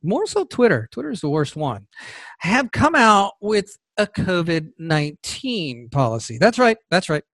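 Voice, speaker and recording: A man's voice: high voice, very animated, measured pace, fairly bright tone, no echo. A man hosting a podcast, giving sarcastic, combative political commentary into a close mic. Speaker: podcast host.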